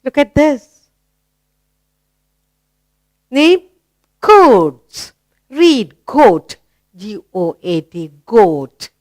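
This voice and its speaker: Slow, coaxing woman teaching young children. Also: a little high, sing-song, warm tone, no echo. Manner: slow, coaxing, asks questions and praises. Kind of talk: children's grammar lesson.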